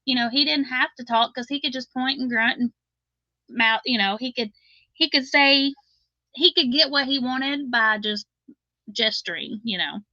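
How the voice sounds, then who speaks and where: A woman's voice: high-pitched, moderate pace, pushed and bright, no room sound, muffled recording. A middle-aged woman with a Southern drawl, chatting casually as host of a live crochet stream, laughing often and reading viewer comments aloud.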